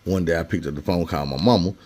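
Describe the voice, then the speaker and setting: A man's voice: low voice, quick pace, darkish tone. A man casually telling a personal story in slangy, conversational talk, acting out the people he quotes.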